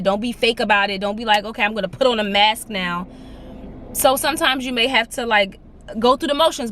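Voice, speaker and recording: Brief: young woman vlogger, everyday mid pitch, chatty aside talk filmed on a phone in her car. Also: slight background noise. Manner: chatty and animated, says "like" a lot. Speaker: lifestyle vlogger. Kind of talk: casual vlog chat. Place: in her car, then out on a walk.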